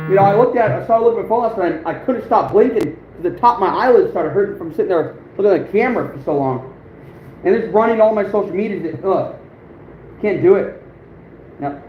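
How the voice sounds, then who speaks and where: High-voiced man on a tinny echoey stream. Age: 30s. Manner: rambling, chuckling often. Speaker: outdoors livestream host. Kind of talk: casual livestream chat. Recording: phone-like echoey room with faint noise.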